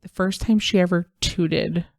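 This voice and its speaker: A woman in her thirties co-hosting a casual podcast, telling stories with lively energy and mimicking children's voices. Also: lowish voice, measured pace, dry recording, studio quality. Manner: animated storytelling, imitates kids' voices. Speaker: podcast co-host. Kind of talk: casual chat.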